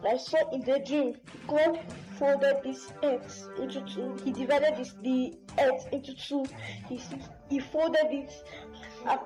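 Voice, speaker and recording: A woman's voice: high voice, fairly even intonation, slow, rough recording. A woman recounting a dream of judgment, pleading with her listeners. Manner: pleading, addresses listeners as brothers and sisters. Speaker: testimony speaker. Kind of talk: personal testimony, pleading. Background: music.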